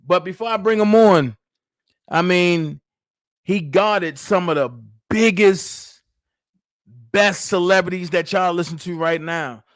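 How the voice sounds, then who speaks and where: A man hosting a casual livestream, calling out loudly to his viewers in slangy, hyped talk. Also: high voice, takes it slowly, long pauses, no echo. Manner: loud, hyped, slangy call-outs to viewers. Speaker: livestream host.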